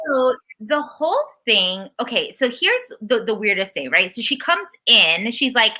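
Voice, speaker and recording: A woman with a fairly high, bright voice, co-hosting a casual recap show. She rants in an animated way and slips into mocking impressions. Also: normal speed, few pauses. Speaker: podcast co-host.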